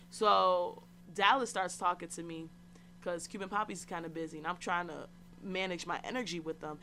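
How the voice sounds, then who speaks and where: A young woman hosts her own podcast and tells a personal story in an easy, slangy way, speaking to her listeners like friends. Her pitch sits in an ordinary middle range. A faint hiss runs under her voice. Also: normal speed, bright, forceful tone. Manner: chatty, slangy, candid, addresses listeners directly. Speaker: podcast host. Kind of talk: casual solo storytelling.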